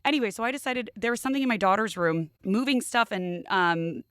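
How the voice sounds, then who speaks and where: A chatty woman co-hosting a podcast, rambling through stories with a loose, profane, casual manner. Her voice sits at a middle pitch, and the recording is dry and close. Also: a little fast, a bit bright, clean tone, no room sound. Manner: chatty, storytelling, swearing. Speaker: podcast co-host. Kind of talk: casual chat.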